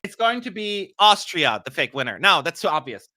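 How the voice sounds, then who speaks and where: A man from Germany runs a relaxed, talkative live stream, teasing himself sarcastically and voicing viewers' questions aloud. His high, bright, forceful voice swings widely in pitch at a moderate pace, recorded close and dry with no room sound.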